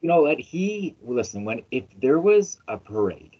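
A man hosting a casual sports podcast, telling stories in an animated, emphatic way with plenty of swearing. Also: mid-range voice, moderate pace. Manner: animated, emphatic storytelling, profane. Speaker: podcast host. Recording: dull lo-fi audio.

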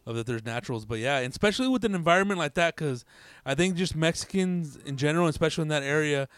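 A man's voice: fairly high pitch, quick pace, clean tone, no room sound. A man, a comedian telling a story in profane, slangy casual chat. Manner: slangy, profane, animated, says dude and bro. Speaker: stand-up comedian, guest.

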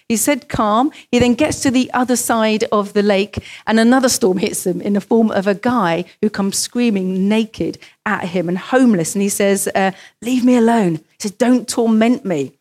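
A woman's voice: fairly high pitch, darkish tone. Woman preaching a story-filled sermon. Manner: storytelling, acts out quoted voices. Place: church.

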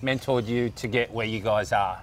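A man's voice: lowish voice, fairly even intonation, normal speed. A man hosting a casual podcast, thanking his guests and asking short questions. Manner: friendly, short affirmations, wraps up the show. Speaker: podcast host.

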